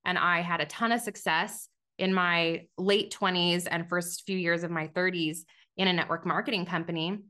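Woman in her thirties, podcast guest, candid testimony, bright forceful tone, slightly low pitch. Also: fairly even intonation, moderate pace. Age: 30s. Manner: candid, conversational, with many fillers and restarts. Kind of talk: personal testimony.

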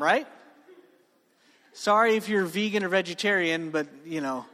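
A man preaching a sermon to students in a casual, joking way. He often asks "right?" and slows down to stress key words. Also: high voice, sharp tone. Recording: long reverb of a hall.

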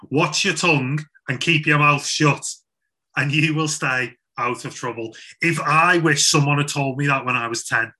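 Bright-voiced man giving a youth talk. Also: mid-range voice. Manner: chatty, informal, with many restarts and fillers. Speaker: youth speaker. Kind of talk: Christian talk to young people.

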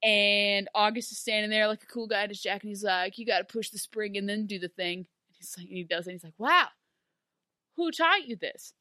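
An animated woman retells a TV episode in casual chat, acting out the characters' lines with plenty of feeling. Her voice is bright and forceful. The sound is dry and close, with no room around it. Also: mid-range voice, fast, hardly any pauses, clear, resonant tone, no echo. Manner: emotional, gushing. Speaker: podcast co-host.

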